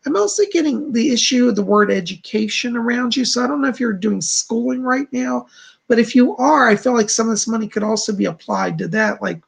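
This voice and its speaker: A man with a deeply gravelly, fry-laden voice and a husky, breathy edge gives psychic readings on a live stream. He speaks softly and reassuringly, reading viewers' messages aloud before answering them. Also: brisk. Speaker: psychic medium.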